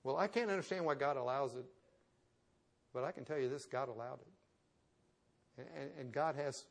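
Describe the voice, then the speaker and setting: A man's voice: mid-range voice, normal speed, vocal fry. A man preaching a sermon as pastor, moving from conversational storytelling into emphatic preaching.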